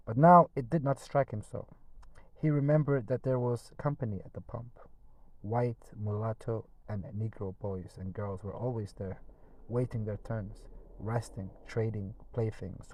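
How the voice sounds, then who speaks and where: A man reading a classic novel aloud in a steady storytelling manner, with occasional small restarts. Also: fairly low pitch, no echo, poor audio. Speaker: audiobook reader.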